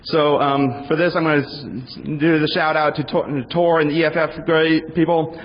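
Moderating a conference panel before an audience, a man keeps things loose and joking as he improvises. His voice is fairly high with little pitch movement at a normal speed, and the recording sounds dull in the reverberant hall.

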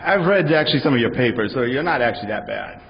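A man's voice: mid-range voice, expressive, fast talker, gravelly, noisy background. A man casually moderating a conference panel, loose and joking as he improvises. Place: conference hall with audience. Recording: dull recording in a reverberant hall.

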